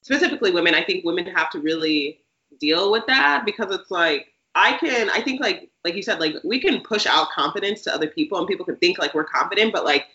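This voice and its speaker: A young woman co-hosting a podcast, rambling casually and filling her talk with "like". Her voice has a bright, sharp edge. The sound is roomy and echoey, with a dull lo-fi quality. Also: lowish voice, expressive, a little fast. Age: young adult. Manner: rambling, says "like" constantly. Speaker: podcast co-host. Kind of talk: casual chat.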